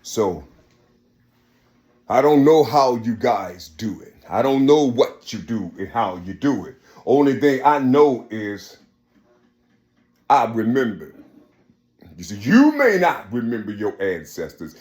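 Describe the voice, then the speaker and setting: A man delivering an impassioned religious monologue as a preacher, emphatic and repetitive, swinging from raised, shouted lines to a low murmur. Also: sing-song, slow, long pauses.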